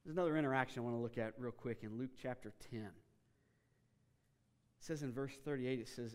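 A man preaching a sermon as a pastor, telling the story in a casual, animated way with frequent restarts. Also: mid-range voice, fairly quick, long pauses, big-room sound.

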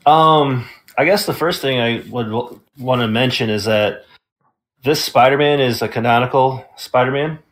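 A man's voice: mid-range voice, normal speed. A man co-hosting a casual game review podcast, recapping the story hesitantly with many ums and uhs. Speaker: podcast co-host.

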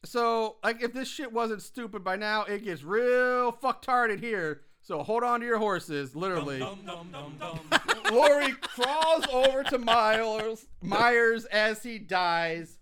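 A man's voice: sits high, expressive, takes it slowly, fairly bright tone. A man co-hosting a casual chat, recapping a film with profanity and laughter, acting out quotes with big swings in voice. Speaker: podcast co-host recapping a film.

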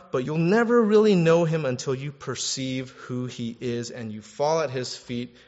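A man preaching a sermon in a lively, conversational way, acting out quotes and repeating words as he goes. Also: mid-range voice. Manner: animated, conversational, acts out quotes, restarts words. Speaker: pastor. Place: church hall. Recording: echoey hall, dull sound.

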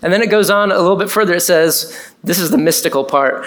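Man, pastor, conversational sermon, animated asides. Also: sits high, fast.

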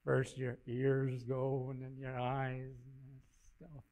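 An older man giving an informal, rambling sermon with a personal story, his folksy voice swelling loud and dropping low. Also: completely flat delivery, slow pace. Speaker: lay preacher.

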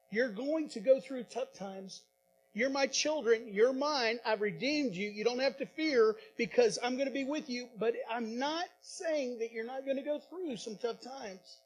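A man preaches with a strikingly high voice, pausing and repeating phrases for emphasis. His delivery swells and drops as he addresses the congregation, while a faint hum sits under the recording. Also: poor audio. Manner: impassioned preaching with dramatic pauses and repetitions. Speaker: pastor. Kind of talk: sermon.

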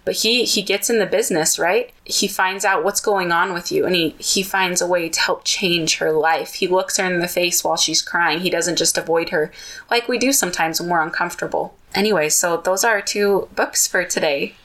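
A woman's voice: on the low side, normal speed, fairly bright tone, low-quality recording. A woman podcast host retelling a children's book in casual storytelling, adding personal asides.

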